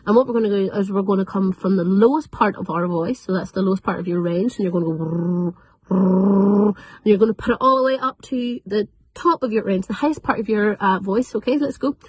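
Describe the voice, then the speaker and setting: A young woman, teaching children an online vocal warm-up class in an upbeat, encouraging way. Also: medium pitch, husky, low-quality recording. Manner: upbeat, encouraging, repeats drills slowly. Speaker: drama teacher. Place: at home.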